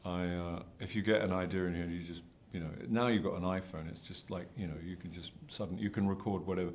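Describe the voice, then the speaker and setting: Fielding interview questions at a press junket, an older actor speaks fast in a low, steady, slightly mellow voice. His answers are hesitant and self-deprecating, full of restarts.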